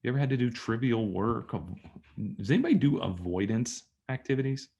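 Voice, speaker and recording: A man teaching a live online workshop, talking to students in a lively storytelling way and acting out conversations. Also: medium pitch, brisk, vocal fry, dull audio. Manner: animated storytelling, acts out dialogue. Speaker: trainer. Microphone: video call.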